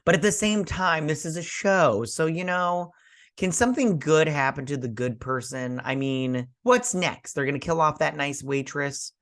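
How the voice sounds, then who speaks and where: A man's voice: on the high side, normal speed, a bit bright. A man hosting a casual episode recap and review, rambling with lots of fillers as he paraphrases the characters. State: sleepy, yawning. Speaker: host.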